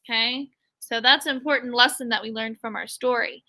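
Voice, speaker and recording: Teaching a reading lesson by video call, this woman animatedly reads a picture book and puts questions to her class. She has a high, very bright voice and talks a little fast, with typical video-call sound.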